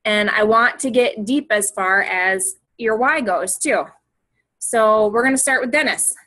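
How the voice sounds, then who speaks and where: A woman's voice: a little high, unhurried, pushed and bright, low-quality recording. A young woman coach talking casually and emotionally, rambling and repeating herself. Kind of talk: casual motivational talk.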